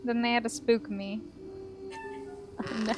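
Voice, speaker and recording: A woman's voice: on the high side, flat delivery, takes it slowly, over music. A woman streaming a horror game, reacting to the scares with swearing and laughter. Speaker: let's play streamer. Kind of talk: casual gameplay commentary.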